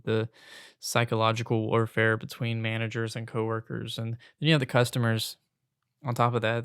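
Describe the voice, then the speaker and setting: Young man, podcast host, casual venting, gravelly, dry and close. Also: mid-range voice, no echo. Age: young adult. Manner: exasperated, venting, swears casually. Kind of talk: casual solo rant.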